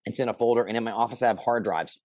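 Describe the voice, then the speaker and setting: A middle-aged man telling a personal story in casual conversation, animated and shouting out the lines he quotes. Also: mid-range voice, racing, no echo. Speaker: interview guest.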